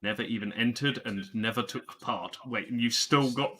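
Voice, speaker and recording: A man's voice: medium pitch, moderate pace, hardly any pauses, bright, forceful tone, breathy edge, poor audio. A man co-hosting a live quiz, chatting in a nerdy, dry, joking way. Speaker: quiz co-host. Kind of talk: casual quiz livestream chat.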